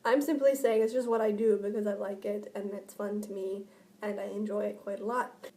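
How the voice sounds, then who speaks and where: A woman's voice: mid-range voice, level tone, fairly quick, mellow. A woman chatting casually in a vlog at home, rambling and filling her talk with "like.". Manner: rambling, chatty, many filler "like"s. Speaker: vlogger. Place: indoors at home, by a window.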